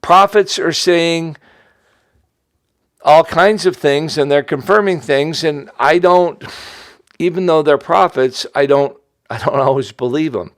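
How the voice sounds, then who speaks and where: A man's voice: fairly high pitch, unhurried, no echo. A middle-aged man from the United States hosts an investment update, talking in a rambling, casual monologue full of restarts and asides. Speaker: host giving an investment update.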